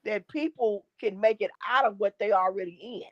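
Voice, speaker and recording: Her mid-range voice moves at a moderate pace as this middle-aged woman, a gospel singer and drummer, gives a faith testimony as an interview guest. She preaches emphatically and repeats her key phrases over a dull, dry lo-fi recording.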